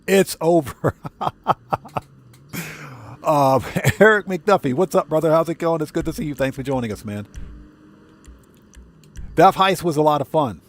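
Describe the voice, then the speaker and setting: A man's voice: fairly high pitch, animated, fairly quick, pauses often. A man hosting a solo game livestream, casually reading and answering chat with frequent chuckles, speaking. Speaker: livestream gamer host.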